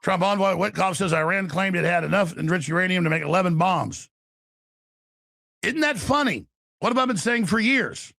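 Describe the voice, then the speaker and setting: A man's voice: high-pitched, expressive, normal speed, creaky, pushed and bright, no room sound, clean studio sound. A man giving urgent, emphatic political commentary as a talk show host, scoffing and driving his points home.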